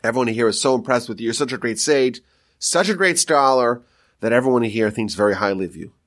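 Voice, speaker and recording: A man's voice: mid-range voice, expressive, a little fast, a bit bright, close to an everyday voice. A man voicing an old father speaking from the afterlife, explaining earnestly.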